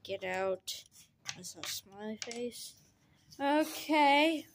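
A woman in a homemade comedy series, excitable and given to squeals and shrieks during playful pretend play. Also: fairly high pitch, extremely slow, a little hiss or hum.

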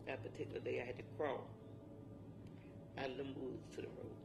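A woman's voice: rumbling low, flat delivery, fairly quick, creaky, background noise. An older woman, giving a personal account in dialect speech, repeating phrases for emphasis. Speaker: interviewee. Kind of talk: personal testimony. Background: music.

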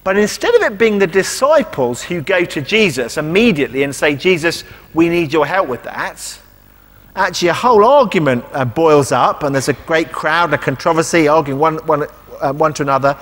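Preacher in a reverberant church. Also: male voice, a little high, animated, normal speed, a bit bright. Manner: conversational, asks rhetorical questions, voices quoted speech. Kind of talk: sermon. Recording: long reverb of a church hall.

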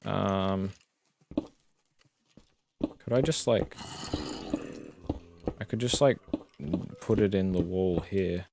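A man with a low, gravelly voice talks extremely slowly and pauses often while streaming a video game, rambling casually and swearing as he plays. It's casual live-stream commentary in a noisy home recording.

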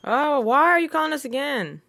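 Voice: high-pitched, lively intonation, normal speed, creaky, pushed and bright, no room sound, clean studio sound, soft background music. A gaming channel host giving casual let's-play commentary, scolding the game characters and reading on-screen text aloud. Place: home recording setup.

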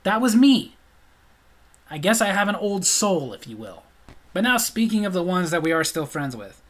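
A man's voice: sits high, very animated, normal speed. A middle-aged man telling stories in a casual vlog, blunt and sarcastic. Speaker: storyteller.

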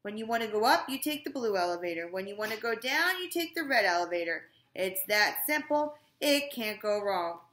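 A woman putting on a loud, pompous principal. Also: mid-range voice, big pitch swings, moderate pace, few pauses. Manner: loud, lecturing, self-satisfied. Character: fussy, bossy male school principal. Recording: echoey room.

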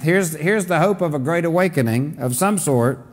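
Man, pastor, fairly high voice, reads scripture then explains it, church hall reverb. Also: normal speed. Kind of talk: Bible study teaching.

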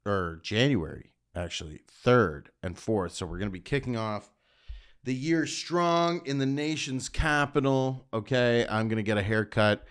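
A man's voice: lowish voice, smooth. A man from Canada, a stand-up comedian ranting sardonically on his own show with rambling, provocative asides. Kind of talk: comedic rant.

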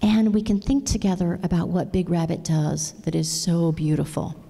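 A woman's voice: lowish voice, moderate pace, gravelly, dark tone. A middle-aged woman giving a conference plenary talk, earnest and engaging, often checking in with the audience. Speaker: conference speaker. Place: large conference hall. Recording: long reverb of a large hall.

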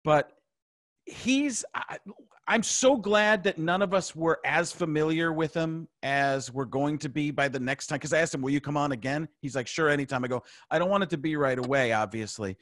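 Dry, slightly higher joking man. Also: fairly bright tone, no room sound. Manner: quick-witted joking, tossing off short bits of impressions. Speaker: podcast co-host. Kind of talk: casual chat.

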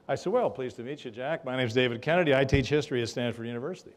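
Older male professor, lecture-hall storyteller, mid-pitched voice, dry wit, relaxed pauses and "uh"s. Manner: wry storytelling, dry humor, frequent fillers. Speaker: history professor giving a lecture. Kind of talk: public lecture with anecdotes. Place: lecture room with an audience.

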